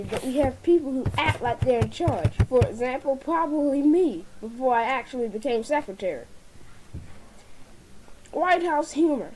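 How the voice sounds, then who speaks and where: A woman's voice: sits high, warm tone, a little hiss or hum, low-quality recording. A woman giving a comedic formal toast, often tripping over words and restarting them. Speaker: speaker giving a dinner toast.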